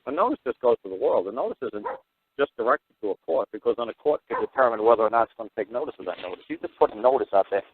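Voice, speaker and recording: A man hosting a call-in show, telling stories in a blunt, profane, rapid way. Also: medium pitch, very animated, breathy edge. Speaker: host. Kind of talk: casual storytelling on a call-in show. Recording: tinny phone-line audio.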